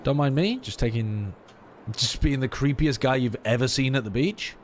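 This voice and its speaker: A man's voice: medium pitch, moderate pace, slight background noise. A man streaming a game, joking and swearing as he comments to his chat. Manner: animated, swearing, mocking commentary. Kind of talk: casual gaming stream chat. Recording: game music underneath.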